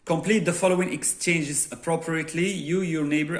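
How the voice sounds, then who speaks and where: A man with a Moroccan accent, an English teacher correcting an exam and dictating answers word by word. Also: on the high side. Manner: slow, deliberate dictation, reading sentences word by word.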